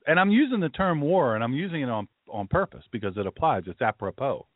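A male pastor rambles through his casual podcast monologue, wandering off into asides before circling back and restarting his point. His medium-pitched voice is sing-song and quick. The audio is narrow like a phone line and entirely dry, with no room sound.

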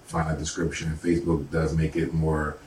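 A man co-hosting a casual talk show, speaking in a relaxed, conversational way. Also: extremely low pitch, normal speed. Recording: roomy, distant mic, faint background noise.

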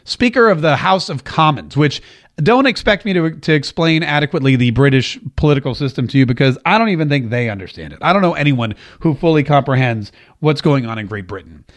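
A man's voice: on the high side, expressive, fairly quick. A man hosting a political podcast and radio show, giving emphatic commentary and repeating phrases for stress. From United States.

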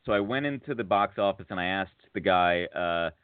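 Man, low voice, casual rambling story, filler-heavy, dry tinny phone-like sound. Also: normal speed, clear, resonant tone, dry recording. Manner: rambling, filler-heavy, rises to excited laughter at funny moments. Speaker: podcast co-host.

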